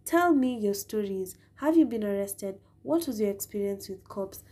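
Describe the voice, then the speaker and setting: A young Kenyan woman in her twenties hosting a podcast, telling a story in a chatty, animated way with Swahili words mixed in. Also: medium pitch, moderate pace. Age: 20s. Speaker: podcast host. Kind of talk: casual storytelling.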